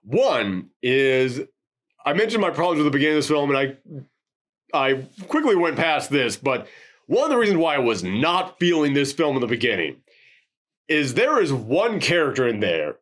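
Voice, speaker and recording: Guy chatting about an old monster movie, lively voice that jumps all over, does little voices for the quotes. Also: fairly high pitch, moderate pace. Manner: animated, acts out quotes in dramatic voices. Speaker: podcast co-host. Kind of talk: casual movie review chat.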